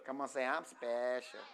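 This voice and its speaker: A man pastor preaching a call-and-response sermon, asking the congregation questions and stretching key words slowly for emphasis. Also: mid-range voice, background noise. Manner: rises from quiet teaching to loud emphatic preaching.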